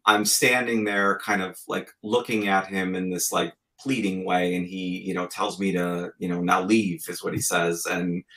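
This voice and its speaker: A man in his forties with a low, gravelly voice, chatting on a podcast. He speaks earnestly and reflectively, working through his thoughts as he goes. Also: pushed and bright, low-quality recording. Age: 40s. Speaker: podcast guest co-host. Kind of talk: casual podcast chat.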